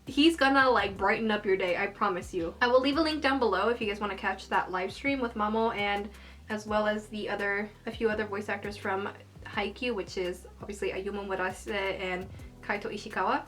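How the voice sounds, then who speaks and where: A young woman in a casual vlog, rambling excitedly about an anime episode while she does her makeup, gushing like a fan. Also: mid-range voice, fairly quick, faint music behind. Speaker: anime review vlogger.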